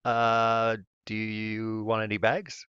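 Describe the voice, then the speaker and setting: A man's voice: lowish voice, completely flat delivery, slow, a bit bright, clear, resonant tone, no echo. Guy putting on a hesitant stammering grocery cashier, dull lo-fi sound. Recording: dull lo-fi recording.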